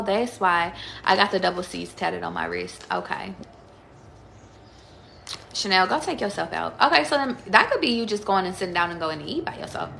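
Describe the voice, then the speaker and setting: A woman's voice: mid-range voice, vocal fry, pushed and bright. A woman giving a casual live tarot reading, chatty and emphatic, swearing freely and calling out viewers by name. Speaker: tarot reader on a livestream. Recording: echoey room with faint noise.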